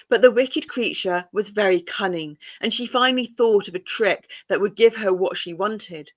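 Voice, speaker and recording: A woman reading a classic children's story aloud in a calm, measured way. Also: mid-range voice.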